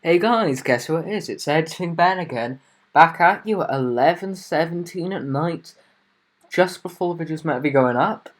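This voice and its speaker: A man's voice: on the high side, moderate pace. A young man hosting a casual car review vlog, talking in a rambling, chatty way with plenty of fillers.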